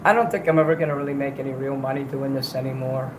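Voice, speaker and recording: His voice sounds strained and tired as this karaoke livestreamer rambles and curses between songs. He talks fast in a steady, mid-range tone, and the echoey room is full of background noise.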